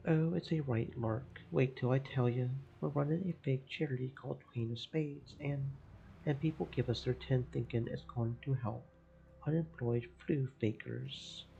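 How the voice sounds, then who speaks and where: A man's voice: medium pitch, moderate pace, creaky, mellow, dull audio, a little hiss or hum, close to an everyday voice. A man voicing a brassy young woman from a dock gang who talks in cheeky slang. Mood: gleeful.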